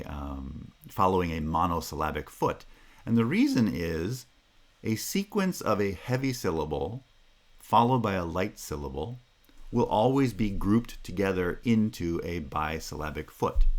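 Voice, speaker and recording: A linguistics lecturer whose voice is very deep gives a recorded talk on phonology. His explanatory style is marked by restarts and constant "right?" check-ins.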